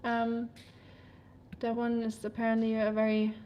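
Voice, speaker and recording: A woman's voice: fairly high pitch, completely flat delivery, unhurried, highs cut off. A woman with a German accent, a native German speaker, chatting casually on a livestream, rambling with many fillers and frequent laughs. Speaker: livestreamer reading chat.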